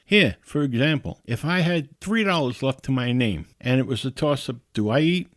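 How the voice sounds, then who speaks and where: A man's voice: medium pitch, expressive, normal speed, dry recording, studio quality. A man hosting a podcast, telling a personal story in a casual, conversational way and chuckling now and then. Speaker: podcast host.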